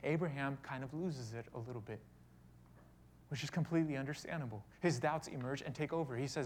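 A man preaching a sermon, retelling a story with dramatic shifts between loud and soft delivery. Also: medium pitch, moderate pace, pauses often, slight background noise. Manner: dramatic storytelling, voicing quoted speech, big swings in loudness. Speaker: pastor.

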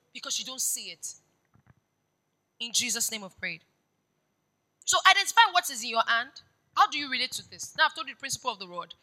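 A woman pastor with a voice that sits high preaches a sermon, shifting from hushed storytelling to loud, urgent exhortation. The recording is rough.

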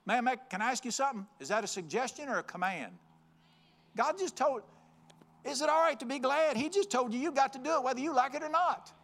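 A man's voice: very high voice, expressive, fast, a bit bright. A man preaching a folksy, joking, emphatic sermon. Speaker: pastor.

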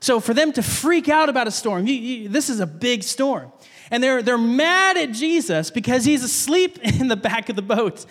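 A man preaching a sermon as a pastor, telling a story with animated delivery and acting out voices, in a church. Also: very high voice, moderate pace. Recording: long reverb of a large hall.

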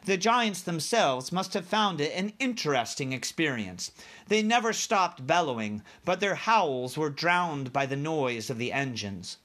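A man reads a children's book aloud as a teacher, speaking straight to young listeners. His voice sits a little high and bright and moves lively up and down as he tells the story. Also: measured pace. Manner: animated, addresses young listeners directly.

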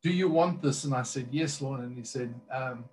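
A man's voice: mid-range voice, normal speed, a little mellow, slight background noise. Earnest rambling male minister. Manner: earnest, rambling with fillers and restarts. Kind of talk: personal testimony in conversation.

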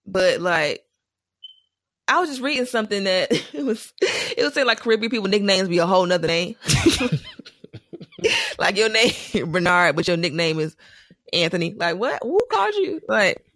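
A young woman in casual chat, telling animated stories and laughing often. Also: medium pitch, moderate pace, long pauses, no echo, clean studio sound.

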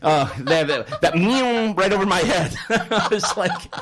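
Man, radio host, high animated voice, joking storyteller, studio mic. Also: slow, background noise. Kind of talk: radio talk show, storytelling intro. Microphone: studio microphone.

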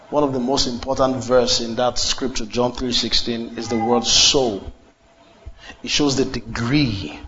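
A man's voice: mid-range voice, fairly even intonation, measured pace, a bit bright, muffled recording, slight background noise. A man preaching a sermon, asking the congregation questions and leading call and response.

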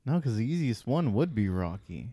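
A man in a casual chat, self-deprecating and quick to laugh. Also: medium pitch, very animated, dark tone, husky.

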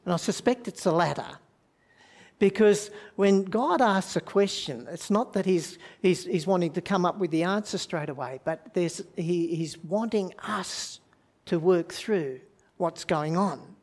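A man gives a sermon at an unhurried pace. He often stops and repeats words while he gathers his thoughts. He speaks reflectively and puts questions to his listeners. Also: high-pitched, darkish tone. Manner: halting, with many restarts and fillers; reflective, asks the audience questions. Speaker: preacher.

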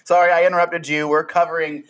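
A man's voice: on the high side, level tone, quick pace, a bit bright. A man co-hosting a casual podcast, joking and giggly. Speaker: podcast co-host.

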